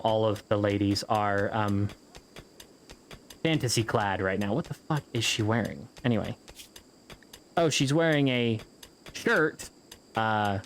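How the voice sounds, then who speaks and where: A man's voice: mid-range voice, slight background noise. Rambling, joking man narrating his gameplay. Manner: rambling, joking, swears casually. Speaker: gameplay video host. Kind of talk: casual gameplay commentary.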